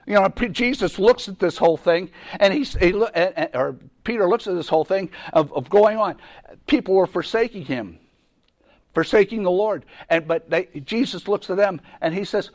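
A man's voice: high-pitched, normal speed. A man teaching a Bible lesson in a conversational way, often repeating himself and restarting sentences. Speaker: preacher.

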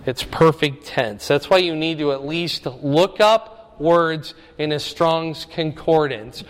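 A man's voice: on the high side, big-room sound. A man preaching a sermon, teaching the meaning of Greek words with rising emphasis. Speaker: pastor.

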